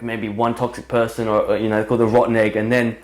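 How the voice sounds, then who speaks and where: A man's voice: on the low side, monotone, quick pace, a little mellow. A man hosting a podcast in a chatty, jokey way and talking about coaching. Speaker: podcast host, football coach. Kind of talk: casual podcast chat. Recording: echoey room.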